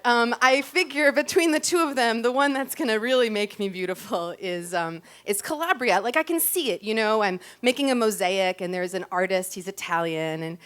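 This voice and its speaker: On the stage of a small club before a live audience, a woman tells a personal story into a stage microphone. She's chatty and self-deprecating, saying "um" and "like" often, in a mid-range, fairly bright voice.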